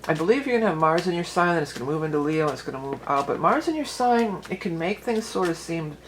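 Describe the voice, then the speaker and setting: A woman's voice: sits low, lively intonation, quick pace, a little hiss or hum, low-quality recording. A woman giving a casual tarot and astrology reading for her viewers, chatty and rambling, often restarting her sentences and laughing easily.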